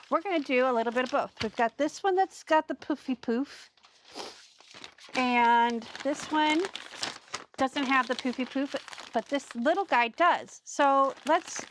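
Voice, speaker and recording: Female craft host, slightly high voice, loose chatty live-stream delivery. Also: a little hiss or hum. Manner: chatty and rambling, greets viewers while working. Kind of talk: casual live crafting chat.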